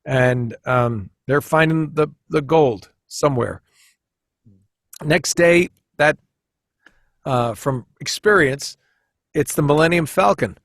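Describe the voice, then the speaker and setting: A man chatting as a podcast guest, telling stories in an animated, rambling way with many restarts, often jumping into quoted voices. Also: fairly high pitch, slow pace, pauses often, no echo, studio quality. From United States. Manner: animated storyteller who jumps into quoted voices. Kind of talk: casual storytelling chat.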